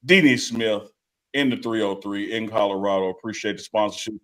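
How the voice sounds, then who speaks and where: A man's voice: fairly low pitch, fairly quick, a bit bright. A man co-hosting a casual live sports talk show, bantering, joking and reading a sponsor plug. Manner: joking banter, laughs often. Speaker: co-host.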